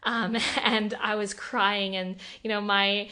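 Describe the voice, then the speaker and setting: A young Australian woman, a podcast guest, telling her story in an animated, emotional way with lots of fillers. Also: medium pitch, slow, smooth. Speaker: podcast guest, Olympic athlete. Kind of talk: casual interview conversation.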